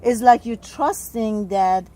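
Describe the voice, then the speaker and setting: A spiritual healer, a woman, tells personal stories during an interview, speaking expressively, acting out quoted speech and saying "like" a lot. Her voice sits on the high side and she talks slowly, captured on a rough recording.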